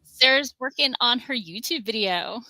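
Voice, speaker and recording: Bright-voiced woman hosting a chatty stream. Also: fairly high pitch, animated, normal speed, no echo. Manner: chatty and rambling, coos at her cat. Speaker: livestream host. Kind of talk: casual livestream chat.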